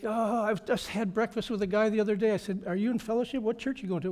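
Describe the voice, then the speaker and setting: A man's voice: sits high, animated, fast, few pauses, mellow. A middle-aged man preaching a sermon as pastor, emphatic and conversational, repeating his key phrases.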